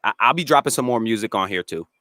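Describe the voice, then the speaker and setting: A man with a raspy voice and a New England accent, chatting casually and laughing often on a live stream. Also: lowish voice, lively intonation, fast, sharp tone, no room sound, clean studio sound. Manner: slangy, laid-back, laughs often. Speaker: cannabis grower and streamer. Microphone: dry close mic, studio.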